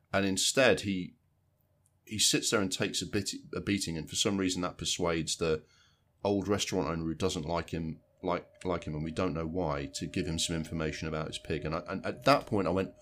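A man's voice: deep voice, fairly even intonation, a little fast, a bit bright. A man co-hosting a film podcast, talking casually and rambling as he reviews a film, often restarting and repeating words while he thinks.

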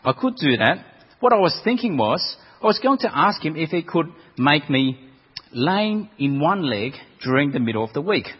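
A preacher putting on a whiny grumbling ex-leper beggar. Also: male voice, on the high side, big pitch swings, normal speed, breathy edge. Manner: wheedling, aggrieved complaining. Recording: dull echoey hall recording.

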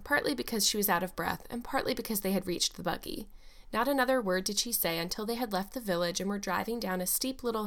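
Reading aloud from a classic novel, this female audiobook narrator speaks at a medium pitch, telling the story in a steady, expressive way.

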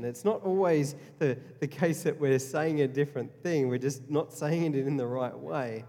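Earnest male pastor, mellow tone, sermon with heavy repetition; church-hall reverb. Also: fairly high pitch, normal speed, hardly any pauses. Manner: earnest, repeats key phrases, frequent restarts.

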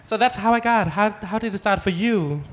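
A man's voice: high-pitched, moderate pace, crowd noise. A man performing in drag on stage, trading sassy, bawdy quips with his co-host. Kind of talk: campy stage banter. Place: stage before a live audience.

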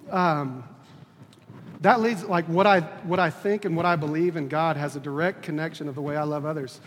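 Earnest high-voiced man preaching in a hall. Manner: halting, repeats words and restarts, earnest. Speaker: preacher on a church leadership team. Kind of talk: personal testimony sermon. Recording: long reverb, faint room noise.

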